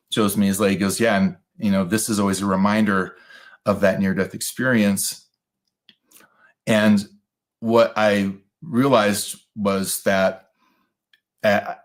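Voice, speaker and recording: A man telling a personal story in a reflective monologue, with many pauses, fillers and restarts. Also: lowish voice. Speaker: astrologer host.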